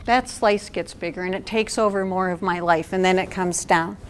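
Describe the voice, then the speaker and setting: A woman's voice: on the low side, steady tone, moderate pace, a little hiss or hum. A middle-aged woman giving a talk to an audience at a support event, conversational and asking the room questions.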